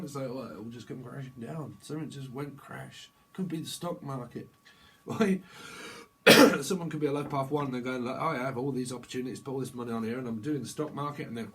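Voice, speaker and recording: A man's voice: mid-range voice, fairly quick, fairly bright tone, slight background noise, rough recording. A man giving a rambling tarot reading, swearing and laughing as he talks. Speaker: tarot reader. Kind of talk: casual tarot reading monologue.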